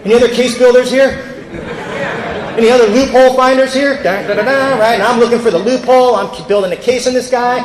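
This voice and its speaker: A man's voice: extremely high pitch, steady tone, quick pace, a crowd in the background. A man from California telling his recovery story to a convention audience, acting out the people in it. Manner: storytelling, acts out quoted people. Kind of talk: personal recovery story told to a crowd. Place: large convention hall. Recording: echoey hall with long reverb.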